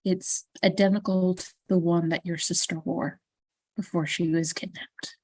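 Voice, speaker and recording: Slow-paced woman game master. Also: fairly low pitch, level tone, darkish tone, no echo, low-quality recording. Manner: slow, deliberate. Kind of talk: narrating a tabletop game.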